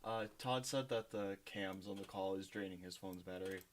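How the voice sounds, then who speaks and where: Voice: deep voice, moderate pace, slight background noise. A host opening a tabletop game stream over an online call, talking in a casual, upbeat way. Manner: animated, upbeat. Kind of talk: casual chat.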